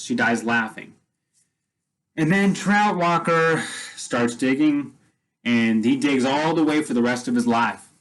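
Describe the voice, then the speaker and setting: A man's voice: medium pitch, low-quality recording. A man casually retelling a film story as a vlogger, rambling with many restarts and fillers.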